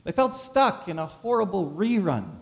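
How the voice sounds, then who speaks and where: A pastor preaching a sermon, full of dramatic rhetorical questions. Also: male voice, sits high, very animated, moderate pace, vocal fry, long reverb tail.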